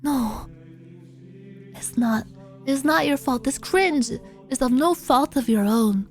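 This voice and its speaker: A streamer casually chatting and reading viewer confessions. She is animated, breaks into squeaky outbursts and swears freely. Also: measured pace, faint music behind.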